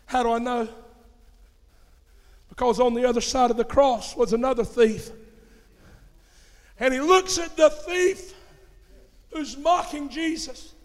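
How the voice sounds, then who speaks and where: A male preacher, delivering an impassioned sermon that swings from shouts to hushed tones. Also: very high-pitched, a little slow, long pauses. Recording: reverberant hall.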